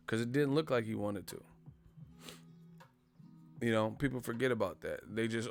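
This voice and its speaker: A man's voice: medium pitch, normal speed, creaky, pauses often, faint music behind. A man hosting a boxing channel, ranting in casual live-stream commentary with lots of slang and profanity. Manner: animated, profane, slangy rant.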